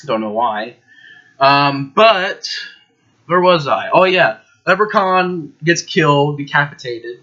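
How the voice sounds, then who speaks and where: A man's voice: on the high side, expressive, slow, sharp tone, highs cut off. A man giving a casual, rambling movie review, emphatic and full of fillers.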